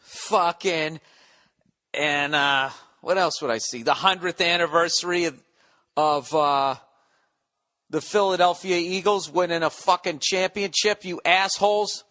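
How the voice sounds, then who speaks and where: High, bright-voiced ranting man in his forties. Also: unhurried. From United States. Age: 40s. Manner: profane, sarcastic, ranting. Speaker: podcast host. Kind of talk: solo comedic rant.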